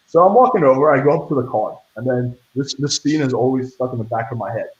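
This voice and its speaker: A man's voice: mid-range voice, quick pace, dull audio. A young man telling a story in a casual interview, blunt and profane, full of fillers like "like" and "right". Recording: echoey room.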